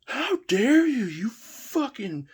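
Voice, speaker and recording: A man doing a shrill, outraged party woman. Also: sing-song, slow, husky, heavily acted. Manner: indignant, shrieking.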